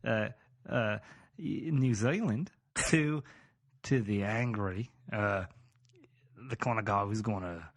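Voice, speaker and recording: A man's voice: on the low side, slow. A man co-hosting a podcast in casual comedic chat, rambling and poking fun at himself with hesitant starts. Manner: rambling, self-mocking, hesitant joking. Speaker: podcast co-host.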